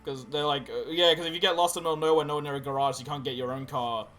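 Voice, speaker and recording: Fast-talking excitable young man. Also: on the high side, soft background music. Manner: excitable storyteller, swears freely, acts out quotes loudly. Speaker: podcast co-host. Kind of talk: casual chat recounting a role-play game.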